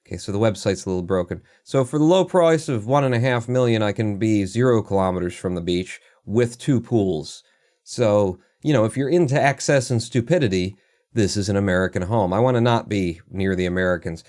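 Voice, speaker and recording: A man's voice: on the low side, fairly quick, a little mellow. A man livestreaming, rambling through casual commentary in a sardonic and profane way. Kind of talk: casual live-stream commentary.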